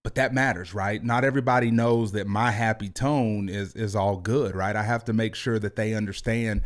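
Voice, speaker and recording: A man in his thirties, a youth football coach and podcast host, talking with high energy and an animated, hands-moving delivery. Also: moderate pace, few pauses. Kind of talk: motivational podcast talk. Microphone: video podcast mic.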